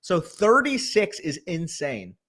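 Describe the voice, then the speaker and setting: Young man, casual livestream co-host, excitable, swears a lot, quick laughing bursts. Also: fairly high pitch. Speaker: co-host of a fantasy football livestream.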